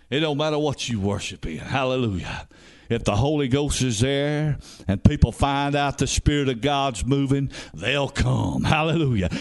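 A man preaching a revival sermon as an evangelist, fervent and peppered with hallelujahs, building up to shouts. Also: fairly high pitch.

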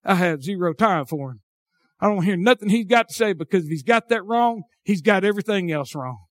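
Man preaching, southern drawl, high-pitched, dry sound, shouting then quiet. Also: expressive, brisk, no room sound. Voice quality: hillbilly drawl. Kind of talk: sermon.

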